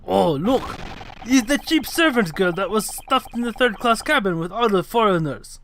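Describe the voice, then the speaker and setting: A man putting on a haughty Russian sailor with a put-on accent, drawing out loud, broken English at a slow pace. The voice sits a little high, and the stream audio carries a clear background hiss. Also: lively intonation. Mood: condescending. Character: gruff hostile male Russian ship crewman. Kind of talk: reading game dialogue aloud on a live stream.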